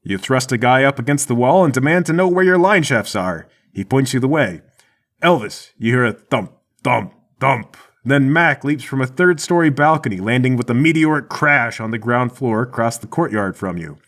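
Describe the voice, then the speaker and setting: A man's voice: medium pitch, expressive, moderate pace, fairly bright tone. Man narrating as game master.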